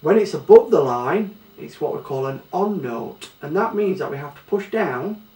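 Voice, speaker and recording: A man's voice: on the high side, animated, moderate pace, warm tone. A man with a Yorkshire accent teaching a children's music lesson, patiently explaining pulse and rhythm step by step. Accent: Yorkshire English. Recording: echoey room, distant mic, faint ambience.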